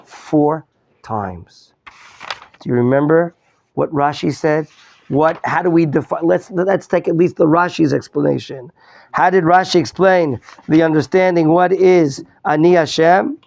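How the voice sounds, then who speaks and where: A man's voice: fairly high pitch, fairly even intonation, moderate pace, gravelly, a little mellow, slight background noise. A male rabbi teaching a Torah class, quizzing his students, repeating his questions and mixing in Hebrew terms. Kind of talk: interactive Torah lesson.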